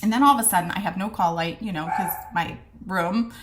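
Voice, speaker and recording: A woman's voice: medium pitch, brisk, noisy background. A woman casually telling her personal story to camera, frank and chatty, acting out the conversations she recalls. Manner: chatty, retells scenes with quoted dialogue; frank, with mild swearing and many fillers. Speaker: vlogger sharing her diagnosis story.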